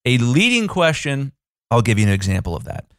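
A man in his thirties, a business coach hosting a casual podcast, talking in a chatty, self-deprecating way with quick asides. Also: medium pitch, big pitch swings, no echo, studio quality.

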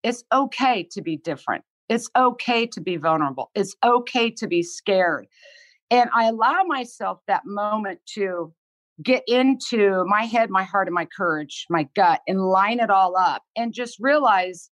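A heartfelt, outspoken woman in her sixties tells her story with blunt, earnest conviction and a casual habit of swearing. Her voice sits at a middle pitch. It is recorded close and dry, with no room around it. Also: moderate pace, a bit bright, no room sound. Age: 60s. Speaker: guest. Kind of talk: candid podcast conversation.

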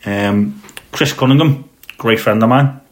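A man's voice: medium pitch, unhurried. A man co-hosting a football podcast in casual chat, rambling with plenty of fillers and restarts. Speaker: podcast co-host. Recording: roomy echo.

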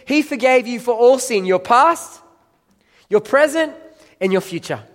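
A man's voice: very high voice, expressive, a little slow, fairly bright tone. A man preaching a sermon in a church hall, telling the story emphatically and calling up volunteers from the audience. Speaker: pastor. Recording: long reverb of a large hall.

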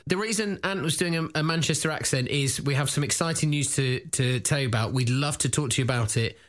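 A man hosting a comedy podcast, teasing his co-host and rambling into quick plugs. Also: fairly high pitch, fairly bright tone. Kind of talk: casual comedic chat and promo.

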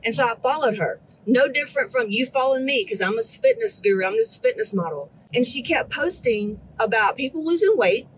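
A woman's voice: high-pitched, sing-song, a little fast, few pauses, a little hiss or hum, poor audio. A woman in her thirties, a fitness coach ranting bluntly at her group, profane and exasperated. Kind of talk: blunt motivational rant.

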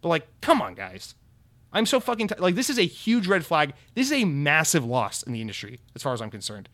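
A man's voice: a little high, huge pitch swings, brisk, a bit bright. A young man from the United States hosting a podcast, ranting in a heated, sarcastic and profane way. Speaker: podcast host. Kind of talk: opinionated podcast rant.

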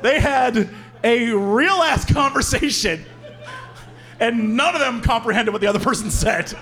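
A man's voice: very high voice, a little slow, a little hiss or hum. A man co-hosting a live comedy podcast, telling a funny story on stage and acting out the people in it. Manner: animated, acts out the people in his story. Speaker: podcast co-host.

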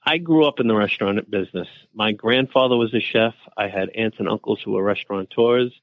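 A man's voice: fairly low pitch, a little fast, dry recording, rough recording. A man with a New York accent, a chef guest in an interview, telling his story in an easygoing, anecdotal way. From New York City. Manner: easygoing, anecdotal, quotes family in voices.

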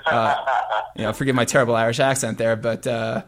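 A man hosts a relaxed music podcast, his voice gravelly and full of vocal fry. He talks at an ordinary pitch. His thoughts run on in long, rambling sentences. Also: fast. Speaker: podcast host. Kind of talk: casual music chat.

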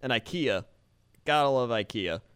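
Low-key man with a lively voice. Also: moderate pace, clean tone, no echo, studio quality. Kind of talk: casual podcast chat.

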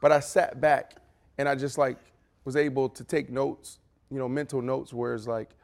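A middle-aged man co-hosting a podcast in casual chat, animated and storytelling. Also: mid-range voice, moderate pace, gravelly. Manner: animated, acts out quotes with big voices. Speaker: podcast co-host.

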